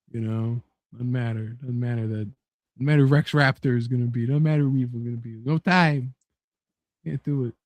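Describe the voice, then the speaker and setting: A man's voice: mid-range voice, a little mellow, no room sound. A young man hosting a casual podcast chat, joking around and laughing often. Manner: joking, laughs often, puts on silly voices. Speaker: podcast host.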